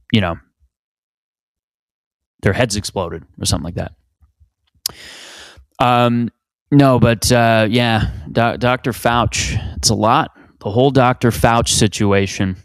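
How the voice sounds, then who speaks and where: Canadian man, 30s, low voice, dry close sound, rambling profane self-mocking podcast host. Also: fairly even intonation, measured pace, pauses often, clear, resonant tone, no room sound. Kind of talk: solo comedic podcast monologue.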